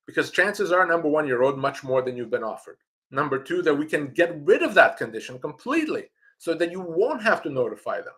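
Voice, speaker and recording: A man's voice: on the high side, a bit bright. Emphatic man giving live legal advice. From Canada. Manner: emphatic, direct, repeats key points. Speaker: employment lawyer hosting a live Q&A.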